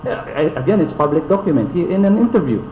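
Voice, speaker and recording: A man with a Filipino accent speaks in a fairly high voice, pressing his points with pointed rhetorical questions. He switches languages in mid-sentence. The sound is roomy, with a faint hum underneath. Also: expressive, fast talker, warm tone, lo-fi sound. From Philippines. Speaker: congressman guest. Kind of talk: radio interview.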